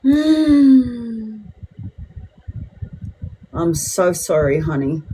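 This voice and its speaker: A woman's voice: on the high side, big pitch swings, extremely slow, dark tone, a little hiss or hum. A woman, chatting bluntly and swearing freely with viewers as a tarot reader on a livestream. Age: 40s. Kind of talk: casual livestream chat to viewers.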